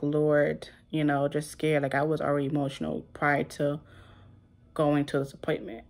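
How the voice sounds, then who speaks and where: Young woman vlogger, low and gravelly voice, rambling emotional storytelling. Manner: emotional, rambling, heavy use of "like". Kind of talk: casual storytelling to camera.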